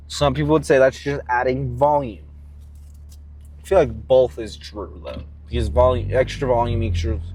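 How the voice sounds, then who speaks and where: A man talking casually in a vlog, rambling and swearing freely as he rants and muses about his workouts. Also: mid-range voice. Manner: profane, rambling and animated. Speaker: fitness vlogger.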